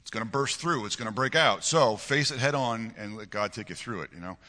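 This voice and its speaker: A man preaching a sermon as pastor of a church, with a loose manner. His delivery is animated and conversational, with frequent chuckles and repeated words. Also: lowish voice, fairly quick. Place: church sanctuary. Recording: long reverb of a church hall.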